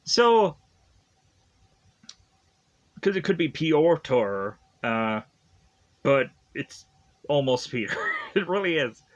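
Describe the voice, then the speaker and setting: A man's voice: fairly high pitch, very animated, takes it slowly, pauses often, muffled recording. A man casually retelling a film's plot in a rambling way, leaning on fillers and chuckling at twists. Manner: rambling, heavy use of "like" and "is to"; laughs at the plot. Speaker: movie reviewer. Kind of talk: casual spoken film recap.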